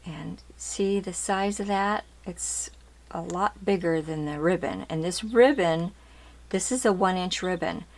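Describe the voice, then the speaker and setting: A woman with a lowish voice speaks a little slowly as she hosts her craft channel, casually showing ribbons one by one. She's chatty, repeats details, and keeps asking "aren't they cute?" in this product show-and-tell.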